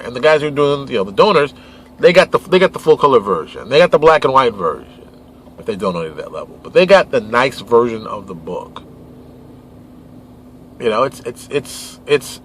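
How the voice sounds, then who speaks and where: A man hosting a casual monologue, animated and exasperated, acting out quick mock dialogues while recording outdoors near traffic. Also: a little high, poor audio. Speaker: podcast host and game publisher.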